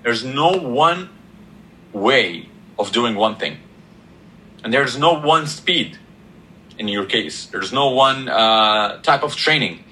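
A man in a reflective podcast conversation, explaining ideas slowly with pauses between words. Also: medium pitch, animated, pushed and bright, slight background noise, rough recording. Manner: slow, deliberate, pausing between words, explaining step by step. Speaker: podcast guest or host.

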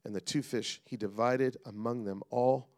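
A middle-aged man preaching a sermon as pastor, calling out to the congregation and swinging between loud and hushed delivery. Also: medium pitch, steady tone, moderate pace.

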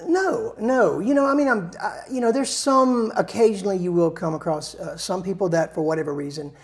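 A man's voice: high voice, fairly quick. A male songwriter in a casual interview, rambling through stories with restarts and self-deprecating humor.

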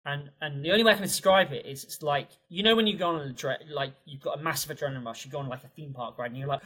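A man telling a personal story as a podcast guest, animated and full of fillers. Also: on the high side, quick pace, few pauses, husky, poor audio. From England. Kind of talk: conversational storytelling.

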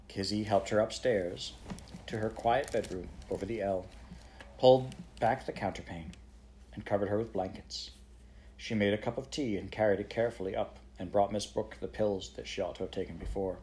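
A man narrating a children's novel in a measured, even audiobook reading. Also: lowish voice.

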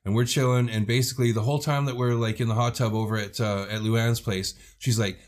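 A man's voice: mid-range voice, fast talker, hardly any pauses. Profane man telling a wild story. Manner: profane, animated storyteller who acts out quoted people. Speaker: podcast co-host. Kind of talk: casual storytelling chat.

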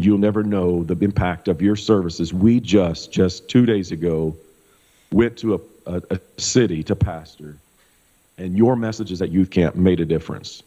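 Low-voiced pastor telling a story in a hall. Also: male voice. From Kansas. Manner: animated, loose storyteller with many fillers. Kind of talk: casual storytelling testimony. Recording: dull sound with long hall reverb.

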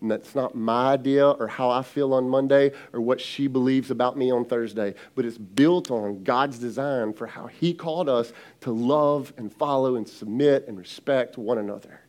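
A man in his thirties, a lead pastor giving an energetic, direct sermon to his congregation. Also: mid-range voice, normal speed, few pauses.

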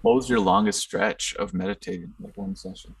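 A man hosts a podcast in a relaxed, casual way, with a gravelly fry all through his voice. His pitch swings around a lot, and he sits a bit back from the mic in a dry-sounding space. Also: fairly quick, dry recording, far from the mic. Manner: laid-back, profane. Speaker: podcast host. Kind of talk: casual chat.

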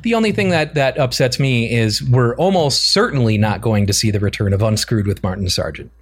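A man's voice: mid-range voice, fairly quick, breathy edge. A man co-hosting a casual gaming chat, thinking aloud with plenty of fillers and restarts. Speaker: podcast co-host.

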